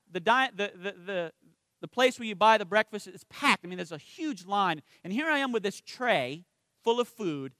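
A man preaching with a high, bright voice in a dry, close sound. He keeps it conversational and asks his listeners for an "amen" now and then. He slows right down and goes quiet when he lands a spiritual point. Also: clean tone, no room sound. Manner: conversational, asks the congregation for responses. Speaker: minister. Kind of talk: sermon with personal stories.

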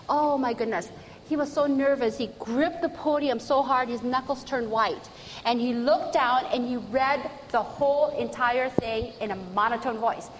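A woman training church members, telling stories with lively earnest enthusiasm. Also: on the high side, in a large hall, a little hiss or hum, low-quality recording. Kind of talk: storytelling talk to an audience.

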